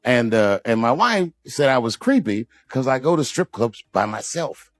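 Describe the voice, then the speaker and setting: A man's voice: mid-range voice, very animated, moderate pace, dry recording. A man in his fifties doing a stand-up routine, rambling through self-deprecating asides with frequent restarts. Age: 50s. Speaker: stand-up comedian.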